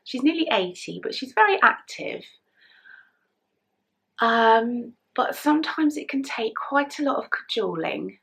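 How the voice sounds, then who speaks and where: Gravelly, emotional English woman chatting. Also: on the high side, very animated, a little slow. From England. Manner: chatty, emotional, soft-spoken, drops to whispers. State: emotional, close to tears. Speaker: knitting vlogger. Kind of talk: casual chat to camera.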